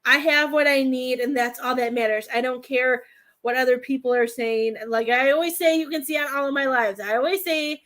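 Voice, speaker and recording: A woman with a high, fairly bright voice speaks a little fast while giving a live-stream tarot reading as a medium. Her rambling, hesitant talk is stuffed with "I feel like," and it sometimes turns emotional and tearful.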